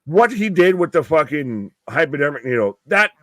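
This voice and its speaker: A man's voice: fairly high pitch, very animated, moderate pace, a bit bright, no echo, clean studio sound. Exasperated man swearing through live wrestling commentary. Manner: exasperated, swears heavily, trails off mid-sentence. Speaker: co-host of a live wrestling watch-along. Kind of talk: profane live commentary chat.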